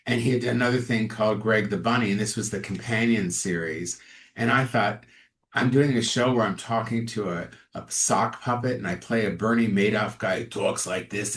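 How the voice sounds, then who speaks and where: A man, an actor and comedian, chatting as an interview guest and telling animated stories in which he acts out other people's lines. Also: fairly low pitch, moderate pace. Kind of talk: casual interview storytelling.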